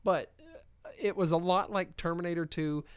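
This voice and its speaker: Laid-back man with a smooth voice. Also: high-pitched, steady tone, normal speed, no room sound. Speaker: podcast co-host. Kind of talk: casual movie review chat.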